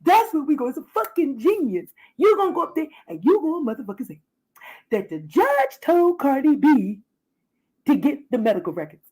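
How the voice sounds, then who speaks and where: A woman's voice: high voice, big pitch swings, moderate pace, darkish tone, pitched above the performer's own voice. A woman putting on a brash, scheming female gossip host who gives profane orders over and over. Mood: bossy scheming. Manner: bossy, profane, repetitive ordering.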